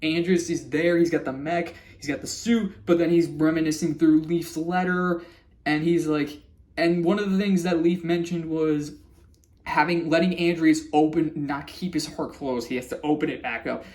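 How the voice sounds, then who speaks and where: A man's voice: on the high side, fairly even intonation, moderate pace, a little mellow. A man casually recapping a cartoon episode for his vlog, rambling with frequent restarts and little laughs. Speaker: vlogger reviewing a cartoon episode.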